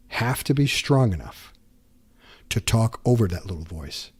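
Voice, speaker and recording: A man's voice: lowish voice, sing-song, unhurried, darkish tone, slightly rough. A man hosting a podcast, giving an earnest motivational pep talk and acting out the doubts in a listener's head. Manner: earnest coaching tone, voices inner doubts aloud. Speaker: podcast host.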